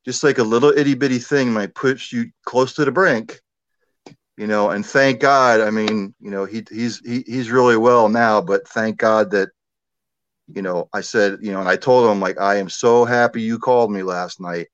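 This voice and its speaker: Man, low voice, casual storytelling, conversational, dull lo-fi sound. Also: steady tone, moderate pace, no room sound. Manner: conversational, many fillers and asides.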